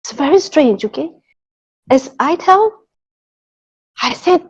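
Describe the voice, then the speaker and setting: Middle-aged woman, fairly high voice, sharing a faith testimony earnestly, muffled lo-fi sound. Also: animated, takes it slowly. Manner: earnest, checks in with listeners, many repeated "okay" and "you know". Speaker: testimony speaker. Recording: muffled lo-fi recording.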